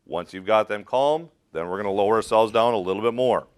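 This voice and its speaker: A middle-aged man with a lowish, smooth voice leads a rope rescue class at a brisk clip. Direct and practical, he demonstrates the techniques and quizzes his students along the way in this hands-on safety training.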